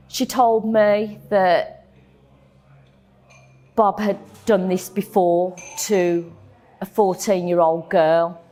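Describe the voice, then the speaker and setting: A woman tells her own story in an interview, halting and emotional, with frequent ums and repeated words. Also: medium pitch, darkish tone. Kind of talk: personal testimony in an interview.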